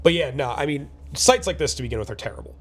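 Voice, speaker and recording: A man's voice: mid-range voice, animated, fast. A young man with a mid-range voice chats casually outdoors at a shooting range. He states firm opinions and often repeats words as he gets going. He sounds like a regular host of the show. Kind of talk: casual chat.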